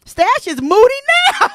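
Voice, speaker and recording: A woman hosting a casual live stream, animated and laughing often, greeting viewers by name. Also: high-pitched, noisy background. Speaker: host.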